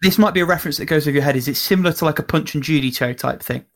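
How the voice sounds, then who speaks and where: Man, fast talker, slightly high voice, casual chat, short interjections. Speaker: podcast co-host.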